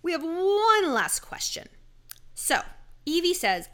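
Sassy, animated woman giving dating advice. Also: very high-pitched, takes it slowly, pauses often. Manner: sassy, emphatic, swearing. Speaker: dating advice podcast host. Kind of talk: casual advice monologue.

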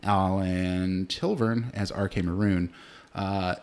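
A man's voice: low voice, steady tone, slow. A man co-hosting a movie podcast, talking loosely with frequent fillers and swearing. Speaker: podcast co-host. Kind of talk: casual chat.

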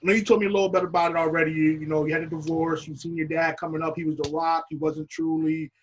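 Male podcast host, reflective interviewer, husky tone. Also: fairly high pitch, flat delivery, fast, muffled recording. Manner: warm, probing, reflective questions. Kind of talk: interview conversation.

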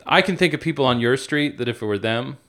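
A man's voice: medium pitch, lively intonation, quick pace, fairly bright tone. Male podcast co-host, casual chat, rambling, salty language. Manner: rambling, many restarts and swearing.

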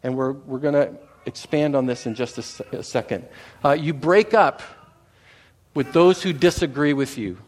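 A middle-aged man from Canada gives a Sunday sermon at an ordinary mid-range pitch. He talks to the congregation in a loose, chatty way. He restarts phrases and often pauses to ask whether they're following. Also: a little mellow. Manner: conversational, repeats words, checks in with "okay?". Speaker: pastor.

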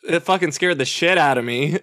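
A man's voice: fairly high pitch, a little fast, fairly bright tone. A man co-hosting a casual podcast over a video call, laughing often, swearing and telling dad jokes. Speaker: podcast co-host. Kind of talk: casual chat.

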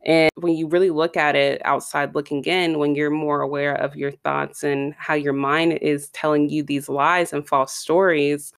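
In a low-sitting voice, recorded at studio quality with no room sound, a woman gives a casual motivational talk. She speaks conversationally and directly to her listeners, making frequent asides.

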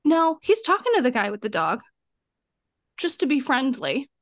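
A young adult woman with a high voice tells a story on a podcast, in lively casual chat. She swears freely and plays out both sides of the exchange herself. Her voice is recorded dry and close on the mic. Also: normal speed, no echo. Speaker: podcast co-host.

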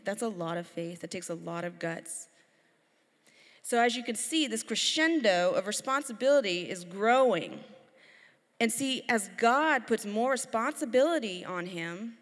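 Woman preacher, thirties, lively storyteller, long hall reverb. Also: medium pitch. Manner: lively storytelling, acts out her kids' voices. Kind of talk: sermon with personal stories.

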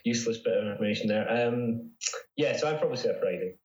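A man's voice: mid-range voice, fast, a little mellow, roomy sound, dull audio. A man speaking as a psychology researcher guest in a casual interview, chatty with frequent restarts. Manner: chatty, with many restarts and laughs.

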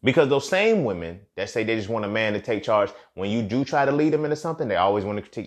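A man's voice: lowish voice, lively intonation, fast talker, gravelly, hardly any pauses, muffled recording. A young man hosting a podcast, talking in a casual, slangy monologue and acting out quotes in other voices. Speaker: podcast host.

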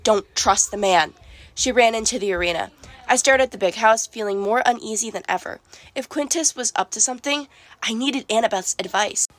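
A woman reading a first-person storybook narration, expressive and lively. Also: fairly high pitch, brisk. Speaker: audiobook narrator.

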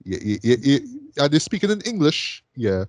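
A man's voice: medium pitch, sing-song, moderate pace, no echo. A man co-hosting a casual film chat, talking loosely with many restarts and filler words. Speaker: film podcast co-host.

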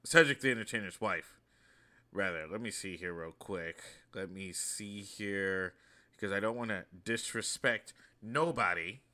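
A man in his thirties hosting a show, talking in a chatty, storytelling way with animated asides. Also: fairly low pitch, a little slow. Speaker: host. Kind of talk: casual monologue.

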